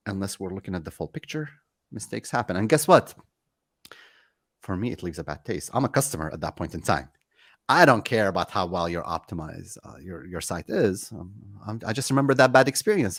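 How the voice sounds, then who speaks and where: A man talking casually as a guest in an interview, telling a story with lively energy and acting out both sides of the conversation. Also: low-pitched, no echo, clean studio sound. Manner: animated, acts out both sides of anecdotes. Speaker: guest, company CEO.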